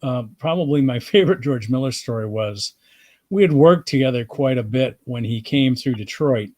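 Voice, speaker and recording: A man, a comedian and host, tells a relaxed, rambling anecdote in casual chat, with plenty of fillers. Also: medium pitch, moderate pace, no echo.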